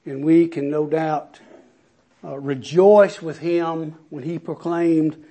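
A man's voice: on the high side, steady tone, takes it slowly, warm tone. A man preaching a sermon, reading scripture aloud with rising and falling emphasis.

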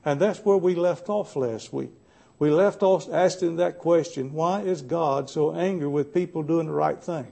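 A man preaching a Bible study sermon in a plainspoken, folksy way, pausing often to gather his thoughts. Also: fairly high pitch, creaky, mellow. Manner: folksy, plainspoken with frequent "uh" pauses.

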